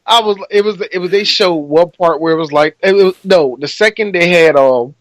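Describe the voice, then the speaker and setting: A man's voice: sits high, moderate pace, no echo. A man co-hosting a casual movie review podcast, joking and profane, often breaking into laughter. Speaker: podcast co-host.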